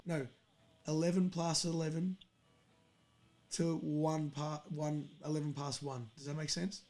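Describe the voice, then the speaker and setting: A young man hosting a livestream, talking in a rambling, sweary, excitable way. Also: fairly high pitch, unhurried, soft background music. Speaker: livestream host. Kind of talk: casual livestream chat.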